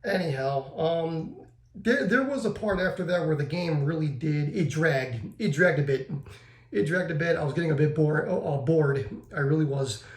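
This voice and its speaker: A man's voice: fairly high pitch, normal speed, reverberant. A man giving a rambling spoken review of a video game, often restarting and repeating himself.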